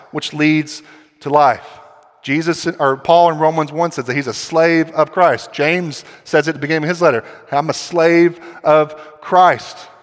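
A man preaching a sermon as a pastor, emphatic and full of rhetorical questions, rising to loud stretches. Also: fairly high pitch, normal speed. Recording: long hall reverb.

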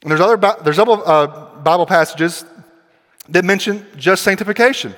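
A man preaching a sermon as a pastor, emphatic and full of rhetorical questions, rising to loud stretches. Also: a little high, brisk. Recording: long hall reverb.

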